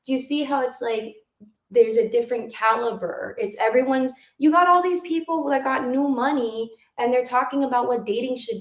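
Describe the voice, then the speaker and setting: A woman's voice: a little high, roomy sound, rough recording. A woman co-hosting a podcast in casual, blunt, profane chat, talking with emphasis. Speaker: podcast co-host.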